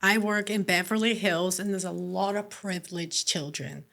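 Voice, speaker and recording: A woman's voice: lowish voice, normal speed, gravelly. A young woman, originally Scottish but now sounding mostly American, telling stories animatedly in a casual interview with lots of "like" fillers. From Scotland. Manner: animated storyteller, frequent "like" fillers. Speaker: guest entrepreneur.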